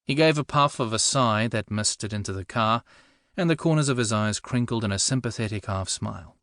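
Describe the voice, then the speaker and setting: A man's voice: on the low side, brisk, fairly bright tone, no echo. A man reading first-person narration for an audiobook with a dry, wry comic delivery.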